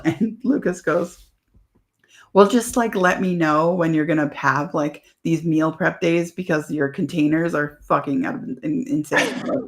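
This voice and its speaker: A woman speaking as a guest in a casual podcast chat, her voice gravelly with vocal fry. She tells animated stories, acts out what others said, and swears freely. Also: low voice.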